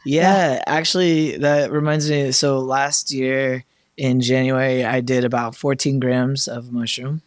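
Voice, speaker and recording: A man in a mid register hosts a podcast and tells a personal story in a loose, chatty way. He gets animated, laughs often and acts out the things he said back then. The sound is close and dry. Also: mid-range voice, measured pace, dry recording. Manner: animated, laughs often, acts out his own past lines. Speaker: podcast host. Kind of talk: casual storytelling chat.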